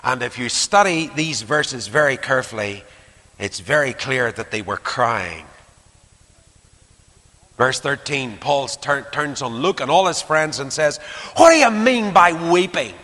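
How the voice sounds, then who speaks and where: A man preaching a sermon, animated, acting out quotes and dropping to hushed asides. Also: mid-range voice, measured pace. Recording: long hall reverb.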